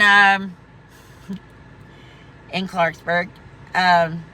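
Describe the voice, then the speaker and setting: A woman's voice: lowish voice, bright, forceful tone, a little hiss or hum. A woman vlogging an angry, profane rant, emphatic and rambling, full of restarts. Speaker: veteran vlogger.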